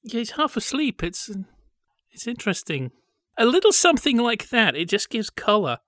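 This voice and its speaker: A man's voice: very high voice, very animated, normal speed, fairly bright tone, no room sound. A man chatting casually as a podcast co-host, telling wry, digressive stories. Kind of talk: casual chat about old British TV.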